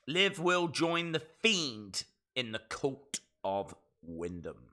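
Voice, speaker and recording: A man streaming a live wrestling watch-along, reacting with jokes and sudden shouted mimicry. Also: mid-range voice, slow. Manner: animated, jokey, mimics wrestlers in shouted bits.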